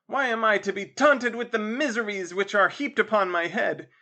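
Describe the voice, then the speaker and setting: A man's voice: high voice, moderate pace, pushed and bright, voice pushed up. A man playing a melodramatic romantic young man. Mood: indignant. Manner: overwrought, theatrical outbursts.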